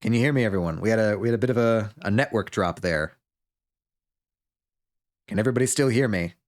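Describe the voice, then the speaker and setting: A man's voice: on the low side, brisk. Chatty joking male game streamer. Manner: joking, chatty, reads chat aloud and laughs. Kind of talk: live game stream commentary.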